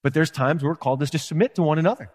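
A male pastor delivers an animated sermon, slipping into quoted voices and playful asides. His voice sits a little higher than most men's. The sound carries a long reverb from the hall. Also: very fast.

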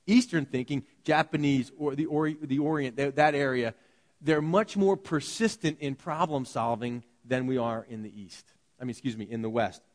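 A pastor preaches to his congregation, telling animated stories and acting out the voices of the people in them. He speaks at medium pitch and normal speed, and the recording carries a long hall reverb.

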